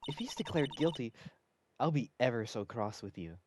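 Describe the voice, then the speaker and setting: A man's voice: mid-range voice, expressive, normal speed, background noise, natural voice. A man voicing a sweet, doting wife with a sugary, smiling tone that turns menacing. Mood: sweetly doting.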